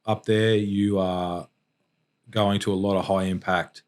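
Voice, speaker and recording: A middle-aged Australian man, a podcast guest, telling a painful personal story in a halting, reflective way with many restarts. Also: low-pitched, little pitch movement.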